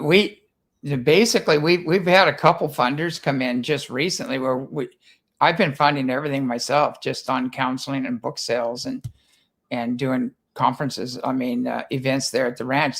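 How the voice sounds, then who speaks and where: A man's voice: medium pitch, steady tone, moderate pace, vocal fry, a bit bright. A man from the United States, a guest who founded a ranch, chatting casually and telling rambling stories in which he repeats words and acts out what others said. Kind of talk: casual chat, anecdotal storytelling.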